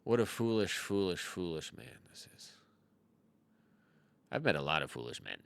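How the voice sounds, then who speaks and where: A man in his thirties talks over his own card game in a casual, rambling way, tossing out jokes and mocking himself. His pitch swings widely and his tone is bright and forceful. The sound is dry and close. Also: very animated, moderate pace, no echo. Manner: rambling, jokey, self-mocking asides. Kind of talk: casual gameplay commentary.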